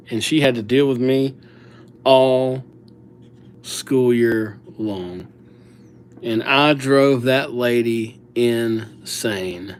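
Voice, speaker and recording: A man's voice: medium pitch, slow pace, smooth. A young man chatting casually with viewers during a live calligraphy stream, reading names aloud and joking at his own mistakes. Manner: chatty, self-mocking, reads viewer names aloud, acts out little scenes. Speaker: livestream calligrapher. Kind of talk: casual livestream chat with viewers.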